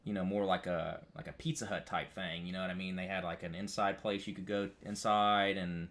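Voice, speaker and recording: Here the same kind of upstate New Yorker speaks briskly to his chat with little pitch movement, though his voice still rises high and loud when he gets worked up. He rambles, restarts, curses heavily and calls everyone "dude."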